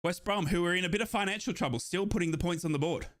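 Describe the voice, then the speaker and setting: A young man calls a football match as an overjoyed fan, shouting in bursts until he runs out of breath. His voice sits high and sounds bright and sharp. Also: fast. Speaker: fan watchalong streamer. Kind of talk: excited fan commentary.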